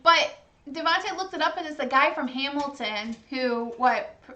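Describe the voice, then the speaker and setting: A woman's voice: sits high, expressive, normal speed, sharp tone, highs cut off. A woman hosting a livestream, chatting casually while eating, gushing and talkative with many "like"s. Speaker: livestream host.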